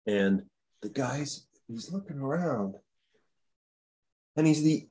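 A man casually telling rambling stories in a chat, swearing often and jumping into high mocking voices when he quotes people. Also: slow, breathy edge. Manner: profane, rambling, animated storytelling with jumps into high mocking voices.

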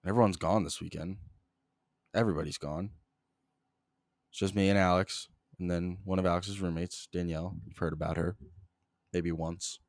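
A man's voice: sits low, fairly even intonation, moderate pace, pauses often, dry recording, clean studio sound. A young man hosting a solo podcast, talking in a rambling, profane, exasperated way. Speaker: podcast host. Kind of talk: solo casual rant.

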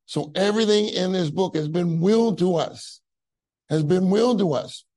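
A man's voice: sits high, normal speed, mellow, low-quality recording. A man preaching a conference sermon in a conversational way, with many fillers and rising emphasis on key phrases.

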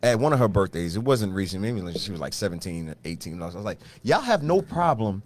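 A man's voice: low voice, fast talker. A man in his forties co-hosting a casual podcast, asking questions and laughing easily. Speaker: podcast co-host. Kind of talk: casual chat.

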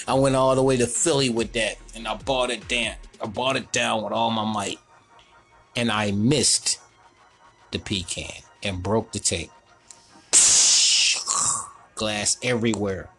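A man telling a childhood story in a casual, animated way, laughing often and talking in loose slang. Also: lowish voice, slow pace, long pauses, soft background music. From North Carolina, US. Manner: animated, laughing, slangy, repeats "you know what I'm saying".

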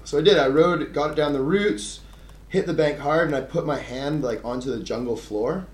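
Australian guy, animated storyteller, casual chat, echoey room. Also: on the high side, normal speed. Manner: animated storytelling, acts out quoted voices, laughs often. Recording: echoey room with faint noise.

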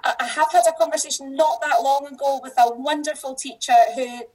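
High-voiced Scottish woman. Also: steady tone, a little fast, rough recording. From Scotland. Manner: chatty, laughs often, lots of restarts. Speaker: teacher, podcast guest. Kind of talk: casual podcast interview.

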